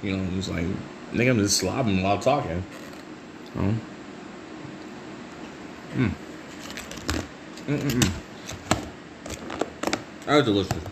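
Low-voiced man telling stories, swearing freely. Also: slow pace, gravelly, long pauses, noisy background. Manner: laughs often, swears freely, chatty and animated when telling stories. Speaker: solo podcast host. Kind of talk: casual profane storytelling monologue.

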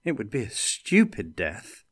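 Man voicing a dry sarcastic young adventurer in a fantasy story, low and slow. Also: huge pitch swings, breathy edge, heavily acted. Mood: reluctant. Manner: dry and sardonic. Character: wry, reluctant young male adventurer.

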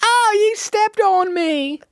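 A squeaky tiny Australian man. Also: expressive, slow, creaky, fairly bright tone, dry recording, clean studio sound, full character voice. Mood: brash. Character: tiny crude adult Australian man, brash. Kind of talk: comic improvised bit.

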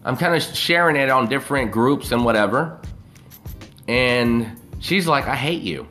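A man streaming live, telling a long story in a loose, rambling way and swearing all the way through. His voice sits at an ordinary middle pitch. Faint music plays behind him. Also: unhurried, pushed and bright.

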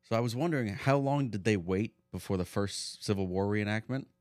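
A man's voice: fairly low pitch, brisk, a little mellow, no room sound. A man co-hosting a podcast, chatting casually in a blunt, dry way and telling stories with swearing. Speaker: podcast co-host. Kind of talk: casual chat.

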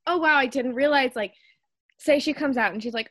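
Young female podcast host, higher pitch, chatty and advice-giving. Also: normal speed, a bit bright. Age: young adult. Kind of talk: casual chat.

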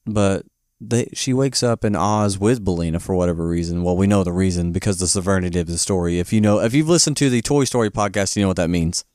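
A man co-hosting a podcast, chatting casually about a movie in an animated, rambling way and laughing often. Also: sits low, fast talker, hardly any pauses, no echo, studio quality. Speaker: podcast co-host. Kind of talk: casual movie-review chat.

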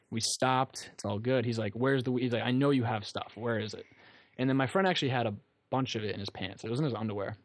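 A man's voice: medium pitch, fast, no echo. A young man telling a rambling story on a casual talk show, often laughing at his own tale. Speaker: guest storyteller.

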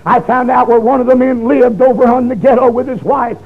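A man preaching his testimony, emotional, swinging from shouts down to hushed low tones. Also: fairly even intonation, fairly quick. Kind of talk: fiery testimony sermon. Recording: dull lo-fi recording.

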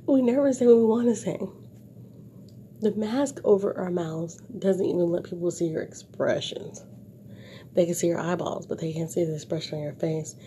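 A woman vlogger telling a story to her viewers in a casual, animated way, with wry asides, and ending on a moral lesson. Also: lowish voice, normal speed, slight background noise.

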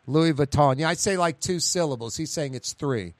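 A man's voice: a little high, moderate pace, few pauses, no room sound. A male radio talk show host, chatting on air in a blunt, ranting way with sarcastic asides.

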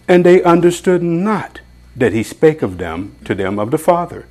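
A male Bible teacher who reads scripture slowly and then explains it in a conversational, digressive way. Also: on the high side, big pitch swings, darkish tone.

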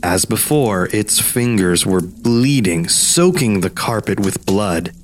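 A man's voice: lowish voice, animated, slow, a little hiss or hum. A man, a podcast host, narrating a spooky tale and playing a theatrical villain in an audio drama.

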